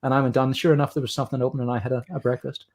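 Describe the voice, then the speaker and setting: A man's voice: medium pitch, little pitch movement, rapid-fire, a little mellow. Chatty Irish man sketching and explaining. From Ireland. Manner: chatty storyteller, explains while drawing. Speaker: guest artist. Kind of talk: drawing demo chat on a livestream.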